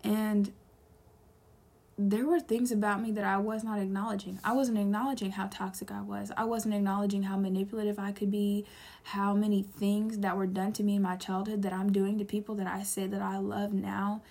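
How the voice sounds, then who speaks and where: A husky young woman with a dark, gravelly tone and a flat, even pitch talks straight to camera in a confessional monologue. She is earnest and pleading, repeats her points for emphasis, and sometimes sinks to a whisper. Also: moderate pace. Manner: drops to a whisper at times.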